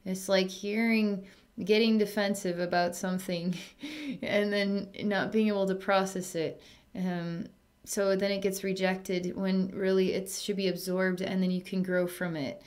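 A woman psychic healer speaking in a distance healing session, talking in a soothing, chatty way with frequent fillers and soft laughs. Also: medium pitch, level tone, a little slow.

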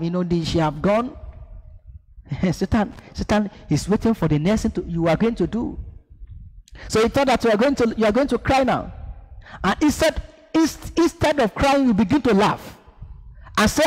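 A man preaching a sermon, emphatic, asking the congregation to repeat after him and acting out scenes. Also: sits high. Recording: echoey hall.

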